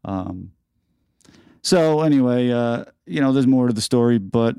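A middle-aged New man tells a story on his podcast, his low voice gravelly and dark. He talks casually, full of "uh" and "you know", and gets louder when he replays an argument. The sound is smooth and dry, close to the mic. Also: animated, measured pace, no echo. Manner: conversational, frequent "uh" and "you know", acts out quoted exchanges with rising voice. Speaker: podcast host.

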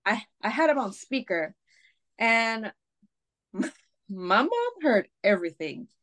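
A woman's voice: mid-range voice, expressive, takes it slowly, fairly bright tone. A woman guest on a podcast, telling a personal story candidly, with swearing, fillers and restarts. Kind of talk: casual storytelling.

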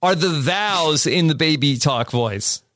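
A man co-hosting a casual podcast, talking in halting bursts with many uh's and quick laughs. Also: a little high, lively intonation, fairly bright tone, no echo, clean studio sound. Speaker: podcast co-host.

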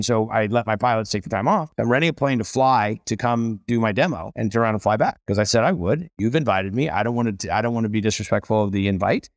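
A man's voice: medium pitch, no echo, studio quality. A middle-aged man, a celebrity chef guest, telling stories with energy and emphasis in a casual conversation.

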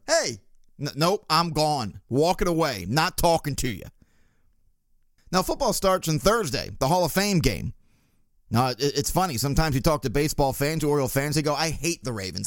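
A man hosting a sports talk show, riffing sarcastically and slipping into mocking voices for the people he quotes. His pitch swings widely and sits a bit high for a man. The sound is dry and close to the mic. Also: no room sound. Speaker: sports podcast host. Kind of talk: casual sports talk monologue.

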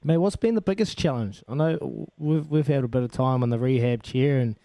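A man's voice: mid-range voice, brisk, warm tone, no room sound. A man with a New Zealand accent hosting a radio show, chummy and calling everyone mate. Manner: chummy, calls people mate. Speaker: radio host. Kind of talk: casual radio chat.

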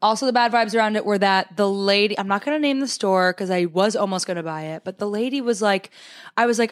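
A woman co-hosting a podcast in casual chat, telling a story and acting out quotes in high, excited voices. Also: fast, no room sound, clean studio sound. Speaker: podcast co-host.

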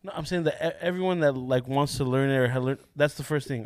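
A man's voice: medium pitch, quick pace, clear, resonant tone, no room sound, studio quality. A man co-hosting a podcast, trading crude jokes in casual banter. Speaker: podcast co-host. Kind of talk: casual chat.

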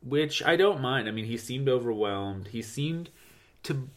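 A man's voice: medium pitch, expressive, unhurried. A man co-hosting a podcast in casual chat, trading dry, sardonic jokes. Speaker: podcast co-host.

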